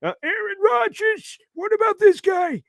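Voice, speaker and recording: A man doing a high, reedy old-man voice. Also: unhurried, vocal fry, a bit bright, no echo, studio quality, exaggerated voice. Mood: eager. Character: elderly male football fan, eager.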